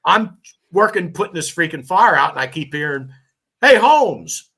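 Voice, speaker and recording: A man in his fifties, a firefighter lieutenant, telling animated, swearing stories on a podcast. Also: fairly high pitch, brisk, creaky, breathy edge. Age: 50s. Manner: animated, laughing, swearing storyteller. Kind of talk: casual storytelling.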